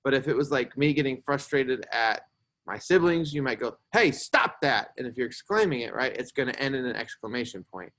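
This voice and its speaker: A man's voice: mid-range voice, a little fast, a bit bright. A young man teaching a grammar lesson to a class, explaining patiently and checking in with "right?" as he goes.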